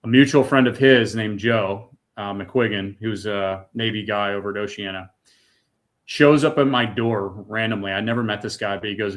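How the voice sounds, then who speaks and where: A man's voice: lowish voice, moderate pace. Earnest man telling a personal story. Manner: earnest, emotional storytelling with casual fillers like "dude" and "man". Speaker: guest. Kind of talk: personal testimony in a podcast interview.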